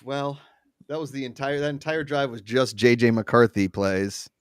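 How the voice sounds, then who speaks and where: A man's voice: mid-range voice, moderate pace, smooth, no room sound, clean studio sound. Chatty man hosting a game watch party. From Pittsburgh. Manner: excitable, reads chat aloud, laughs often. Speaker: host. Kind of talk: casual watch-party chat.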